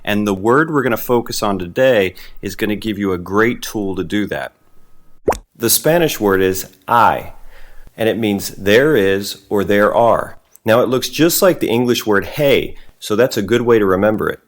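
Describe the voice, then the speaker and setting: A man teaching a beginner Spanish lesson in a friendly, patient way, slowing down for example phrases. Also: on the low side, expressive.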